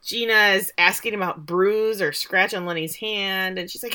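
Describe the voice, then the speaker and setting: A young adult woman co-hosting a podcast, recapping a show in a casual, sarcastic chat full of quick asides. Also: mid-range voice, pushed and bright, smooth.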